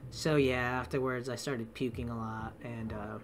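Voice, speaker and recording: A young man telling a casual story, swearing often and acting out quotes loudly. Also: mid-range voice, moderate pace, a little hiss or hum. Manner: animated, swearing, acts out quotes in raised voice.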